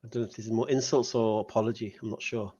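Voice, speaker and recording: A man hosting a live call-in debate, retelling a story in an animated, mocking way. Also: fairly low pitch, fast talker, slightly rough, dull audio. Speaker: host.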